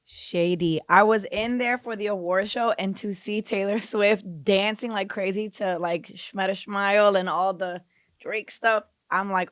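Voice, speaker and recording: A podcast co-host joining in casual chat in a relaxed, chatty way. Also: medium pitch, unhurried, dry recording, clean studio sound.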